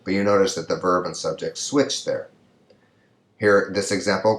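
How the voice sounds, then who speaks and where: Deep-voiced man lecturing in an echoey room. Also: fairly even intonation. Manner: slow and careful, drawing out example sentences to show rising pitch. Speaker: Spanish lecturer. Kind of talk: recorded video lecture.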